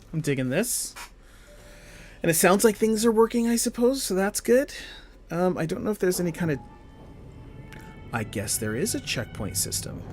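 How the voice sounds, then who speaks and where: A man giving casual commentary while he plays a video game, rambling to himself with frequent fillers and half-finished thoughts. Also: fairly high pitch. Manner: rambling, self-talk with frequent fillers and trailing off. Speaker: gamer streaming his play. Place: home gaming setup on camera.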